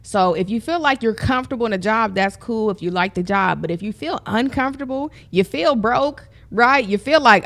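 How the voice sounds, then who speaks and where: A woman's voice: on the high side, expressive, moderate pace, hardly any pauses, a bit bright. A woman host and business coach giving motivational talk, speaking straight to her listeners in an upbeat way. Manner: upbeat, addresses listeners directly, affirming interjections.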